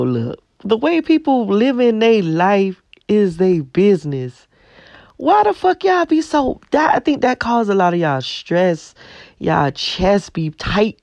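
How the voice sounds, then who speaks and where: A woman chatting casually to her phone camera as a vlogger, blunt and animated, swearing often and laughing as she talks. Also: fairly low pitch, no echo. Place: car, then home.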